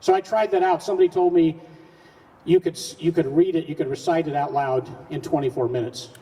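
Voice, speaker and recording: A man's voice: on the high side, steady tone, brisk, mellow. A man giving an earnest, folksy public speech to a live audience, asking rhetorical questions and often restarting his sentences. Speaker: speaker at a public event. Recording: distant mic in a reverberant hall.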